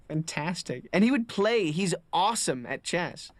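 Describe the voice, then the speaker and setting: A man's voice: sits high, animated, measured pace, few pauses. A man actor in a documentary interview, talking enthusiastically about his co-workers.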